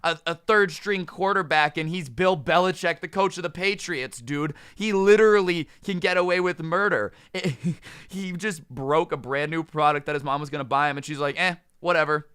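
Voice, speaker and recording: A man's voice: on the high side, bright, forceful tone, clear, resonant tone, no room sound, clean studio sound. A man telling a storytime vlog in a casual, joking, sarcastic way. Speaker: storytime YouTuber.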